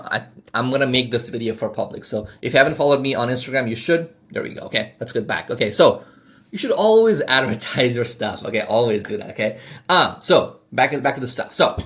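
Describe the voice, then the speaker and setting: Animated fast-talking man teaching sales. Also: mid-range voice. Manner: rapid, animated, lots of fillers and check-ins like "okay?". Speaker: sales trainer. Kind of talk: informal teaching talk.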